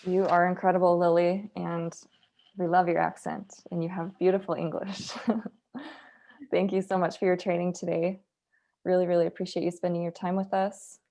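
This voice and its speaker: Low, gravelly woman hosting a video call. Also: level tone, normal speed, dark tone. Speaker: host of a real estate meeting. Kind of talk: casual meeting hosting.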